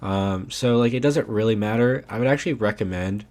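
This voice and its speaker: A young man giving casual, animated commentary over his own video game footage, ranting and saying "man" often. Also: on the low side, fairly quick. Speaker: gaming YouTuber.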